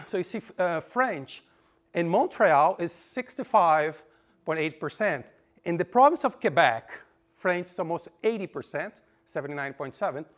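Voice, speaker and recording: A man giving a conference talk, reading figures off slides with frequent fillers and pauses. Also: a little high, lively intonation, fairly bright tone. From Brazil. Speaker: conference presenter. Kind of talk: lecture with slides. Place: conference room.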